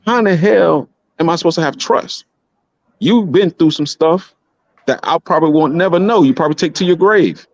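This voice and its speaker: A man's voice: a little high, moderate pace, no room sound, highs cut off. A man, an independent wrestler, talking as a guest in casual podcast chat, blunt and profane, rambling with lots of restarts.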